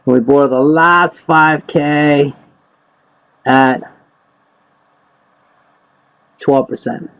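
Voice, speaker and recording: Male instructor, slightly high voice, quizzing a class, dull lo-fi recording. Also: fairly even intonation, extremely slow, vocal fry, pauses often, a bit bright, clear, resonant tone. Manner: quizzes the group, repeats himself, frequent "right?" and "okay?". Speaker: real estate investing instructor. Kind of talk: live teaching session. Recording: dull lo-fi sound.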